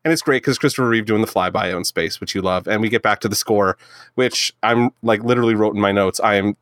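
A man's voice: fairly low pitch, fast, a bit bright, dry recording, clean studio sound. A man co-hosting a casual movie review podcast, rambling, sarcastic and profane. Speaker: podcast co-host.

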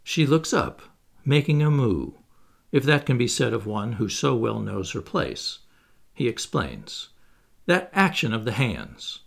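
Man, gravelly voice, lively intonation, reading stage directions aloud. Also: medium pitch, measured pace. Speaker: reader.

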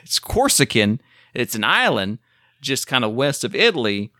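Man, podcast co-host, lively bright tone, excitable and rambling. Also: medium pitch, normal speed, no echo, clean studio sound. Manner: excitable, rambling history explainer. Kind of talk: casual chat.

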